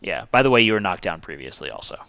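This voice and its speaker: A man hosting a streamed board game session, reading rules aloud and counting dice in a casual, animated way. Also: deep voice, fast, vocal fry, a little hiss or hum. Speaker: game host.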